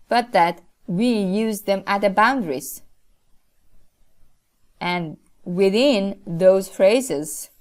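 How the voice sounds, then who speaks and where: Woman lecturing on language, not her first, talks real slow and careful. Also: mid-range voice. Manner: slow, deliberate explaining with careful pauses. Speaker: linguistics lecturer. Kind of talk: recorded lecture.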